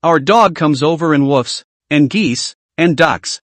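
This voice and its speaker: A man's voice: fairly high pitch, unhurried, no echo. A man narrating a scripted comic story recap, reading every character's lines in his own voice. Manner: reads all dialogue in one lively voice.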